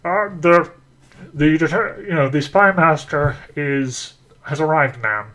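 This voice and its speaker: A sneaky pony spy master, as a man puts her on for a tabletop game. She stumbles hesitantly through her words in a fairly high voice. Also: lively intonation, slow pace, pushed and bright, full character voice.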